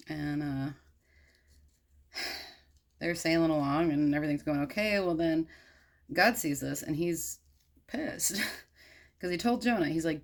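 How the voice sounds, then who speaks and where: A woman's voice: low voice, gravelly. A woman casually retelling a story while crafting at home, irreverent and slangy, swearing freely and wandering into asides.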